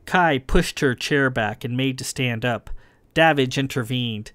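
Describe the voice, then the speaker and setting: A man reading a science fiction novel aloud in a measured narrating voice. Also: medium pitch, a bit bright, dry recording. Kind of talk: audiobook reading.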